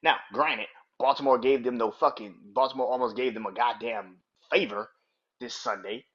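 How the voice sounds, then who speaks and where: A man's voice: medium pitch, fairly even intonation, moderate pace, breathy edge, muffled recording. A man hosting a sports podcast, ranting in a heated, profane, incredulous way. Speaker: podcast host. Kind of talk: sports opinion rant.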